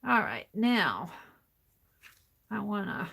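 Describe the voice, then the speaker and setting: A woman's voice: mid-range voice, big pitch swings, slow pace, gravelly, bright, forceful tone, husky. A woman hosting a casual crafting demonstration. She murmurs to herself and often drops to a half-whisper while she works. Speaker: mixed-media art streamer.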